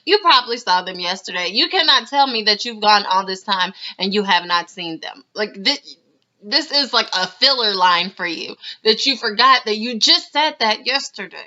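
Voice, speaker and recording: A woman's voice: mid-range voice, animated, normal speed, pushed and bright. Chatty woman reviewing a reality show. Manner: chatty, laughing, mimics people she recaps. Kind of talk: casual video commentary. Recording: slightly dull lo-fi sound.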